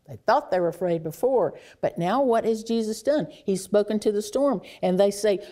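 A woman preaching a sermon, reflective and unhurried, sinking to a near hush on key phrases. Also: mid-range voice.

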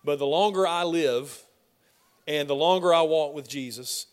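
A man preaching with a fairly high voice, driving his points home emphatically. He swings between loud declarations and hushed, close asides, a pastor working through scripture with his congregation. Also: normal speed. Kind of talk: sermon.

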